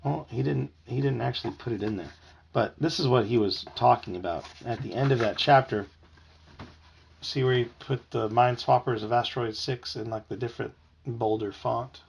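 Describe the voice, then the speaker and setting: A man with a gravelly voice reading a children's book aloud at home, lively and expressive. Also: medium pitch, moderate pace, muffled recording.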